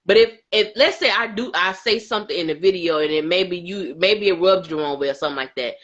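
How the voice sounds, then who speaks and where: A woman's voice: lowish voice, fast talker. Emphatic woman, muffled stream. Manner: animated, emphatic, laughs often. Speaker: co-host. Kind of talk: casual aftershow chat.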